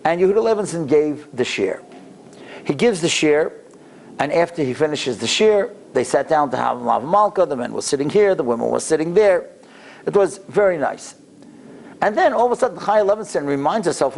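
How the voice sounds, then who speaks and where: A man with a gravelly, creaky voice pitched a little above the usual, telling a story to a synagogue audience. He is an animated storyteller who acts out the people in his story. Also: moderate pace. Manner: animated storyteller acting out quotes. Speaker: rabbi, lecturer. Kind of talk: storytelling lecture. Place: synagogue sanctuary.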